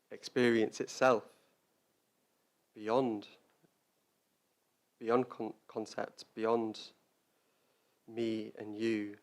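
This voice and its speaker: A man giving a Dharma talk as a Buddhist teacher, speaking reflectively and often repeating words as he searches for them. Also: fairly low pitch.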